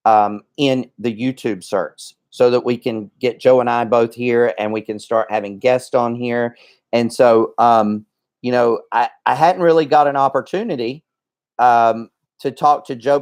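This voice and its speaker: A man hosting a casual livestream who rambles along with plenty of ums and restarts. He sounds a little out of breath. His voice sits at an ordinary middle pitch. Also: darkish tone. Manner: rambling, chatty, many fillers and restarts. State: slightly out of breath. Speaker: livestream host.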